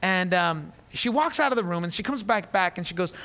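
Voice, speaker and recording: A high, bright-toned man in his thirties preaches with an animated storyteller's delivery. He acts out the people in his story and stumbles over repeated words as he restarts, and his voice has a sharp edge. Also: fairly quick. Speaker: pastor. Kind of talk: sermon storytelling.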